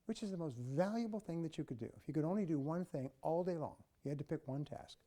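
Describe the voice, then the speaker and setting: An older man tells motivational stories in an emphatic, animated way. His voice sits a little high but sounds mellow and warm. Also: quick pace. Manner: emphatic, mimics office chatter with quacking. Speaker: speaker. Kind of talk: motivational storytelling.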